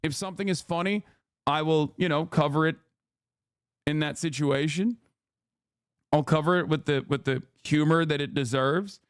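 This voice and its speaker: A streaming man tears into his targets with crude, mocking jabs. His voice sits a touch high and sounds smooth and crisp. The sound is dry and close. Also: normal speed, long pauses, dry recording. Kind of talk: profane live-stream rant.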